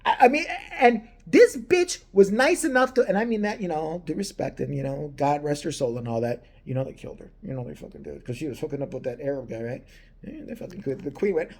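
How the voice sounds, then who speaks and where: A woman's voice: sits low, animated, a little fast, a little mellow, breathy edge. A woman in a crude comedic rant, profane and mocking, on her own vlog. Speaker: vlogger.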